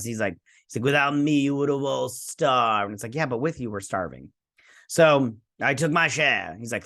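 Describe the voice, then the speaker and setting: A man's voice: mid-range voice, normal speed, fairly bright tone. A man from Michigan casually recapping and reviewing a TV episode as host, rambling through the plot with loose retellings and frequent restarts. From Michigan, USA.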